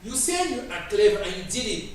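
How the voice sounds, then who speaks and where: A man's voice: high voice, very animated, a little fast. A man preaching a sermon, reading scripture aloud in an emphatic, pleading way and laughing between phrases. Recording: very echoey room, distant mic, faint noise.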